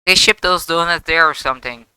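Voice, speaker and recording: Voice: mid-range voice, brisk, bright, forceful tone, clean tone, no room sound, low-quality recording. A streamer giving casual, chatty commentary while playing a game, often exclaiming and breaking off mid-sentence. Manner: chatty, exclaiming, self-interrupting. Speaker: live streamer. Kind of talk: casual let's-play commentary. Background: game music.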